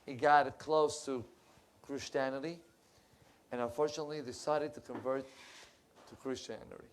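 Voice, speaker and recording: Impassioned rabbi preaching a sermon. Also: male voice, medium pitch, steady tone, moderate pace, slight background noise. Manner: impassioned, rising loud when telling stories, dropping to soft asides; searches for English words mid-sentence. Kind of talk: sermon with storytelling. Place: synagogue.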